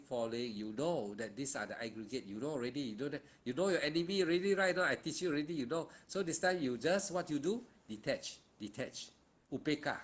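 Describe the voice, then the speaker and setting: Malaysian man guiding a meditation. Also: medium pitch. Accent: Malaysian English. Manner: informal, repetitive, emphatic, with Malay and local slang particles. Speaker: meditation teacher. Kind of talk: guided meditation instruction.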